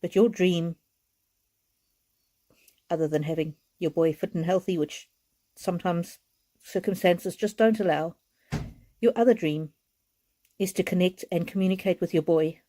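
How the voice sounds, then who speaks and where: A woman giving a live oracle card reading, speaking earnestly and reassuringly, with soft laughs now and then. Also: fairly low pitch, steady tone, a little slow, long pauses.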